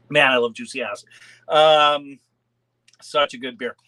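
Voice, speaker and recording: A man's voice: mid-range voice, steady tone, slow, pushed and bright. A man hosting a live beer unboxing stream, chatting casually, laughing often and greeting viewers by name. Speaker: beer channel host.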